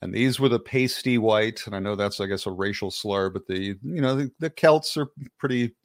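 A man with a fairly low voice, speaking as a guest on a casual podcast. He rambles and digresses, often restarting his sentences. The sound is dry and close to the mic. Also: moderate pace, no room sound. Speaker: guest author.

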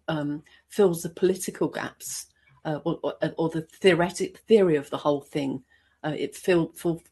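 A woman in her sixties talking casually as a book club member, hesitant and halting with many restarts. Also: low voice, warm tone, breathy edge. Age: 60s. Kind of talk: casual chat.

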